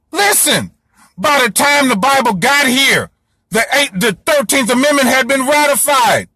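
A man's voice: very high-pitched, pushed and bright, no echo. A man giving a heated solo monologue to his audience, ranting in a fiery, profane, preachy way. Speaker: host lecturing his audience.

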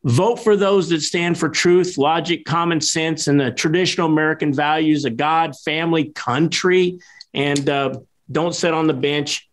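A man's voice: fairly high pitch, fairly even intonation, normal speed. A man co-hosting a show, wrapping up with plain, encouraging direct appeals to listeners. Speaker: co-host. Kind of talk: show wrap-up, addressing listeners.

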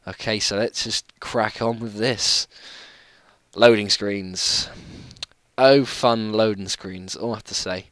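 A young man giving casual, chatty commentary while playing a video game, apologetic and quick to yelp at what happens on screen. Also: on the low side, steady tone, fairly bright tone, no echo. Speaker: gaming channel host.

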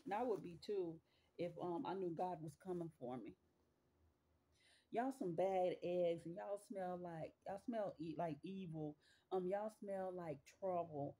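Husky-voiced woman preaching to camera. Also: fairly low pitch, normal speed, mellow, rough recording. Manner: emphatic, repetitive, fervent. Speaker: spiritual vlogger. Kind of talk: casual preachy monologue.

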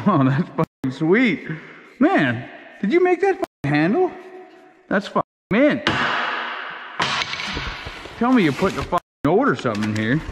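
A man's voice: a little high, in a large hall. A man hosting a casual unboxing vlog, talking in crude, rowdy, heavily profane banter. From Canada. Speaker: channel host.

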